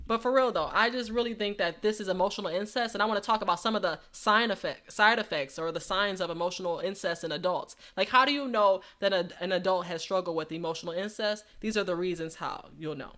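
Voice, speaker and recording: A woman's voice: mid-range voice, fast talker, few pauses, a bit bright. A woman hosting a live stream, chatting casually and calling on her audience as y'all. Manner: chatty, addresses chat as y'all. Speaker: host.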